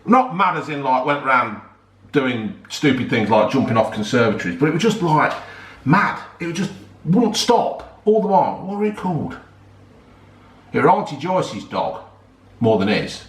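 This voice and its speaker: A man's voice: mid-range voice, sing-song, normal speed. A man chatting casually to his viewers, rambling and stumbling over hard words while he reviews a beer. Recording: roomy echo.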